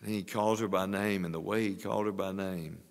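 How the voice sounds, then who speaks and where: Older preacher guy, 60s, lowish voice, earnest sermon, church hall echo. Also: steady tone, brisk. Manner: earnest preaching, swelling louder on exhortations. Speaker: pastor. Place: church sanctuary. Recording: long church reverb.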